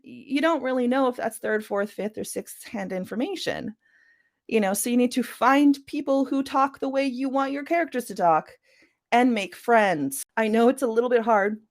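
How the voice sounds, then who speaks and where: Chatty laughing woman author. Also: mid-range voice. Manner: chatty, laughing often, frequent "you know" fillers. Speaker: author guest. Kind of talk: casual interview chat on writing craft.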